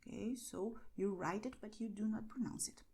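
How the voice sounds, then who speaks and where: A woman's voice: mid-range voice, normal speed, dark tone, breathy edge. A woman whose first language is Spanish, teaching a beginner Spanish lesson in English and tagging her points with "okay?". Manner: encouraging, tags lines with okay.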